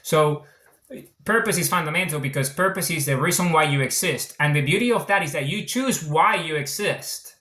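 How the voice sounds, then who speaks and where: Speaking at normal speed with a sharp tone, a Venezuelan author with a mixed international accent casually explains his book in a roomy space. His voice leans high, and he's earnest and repetitive, circling back to his points.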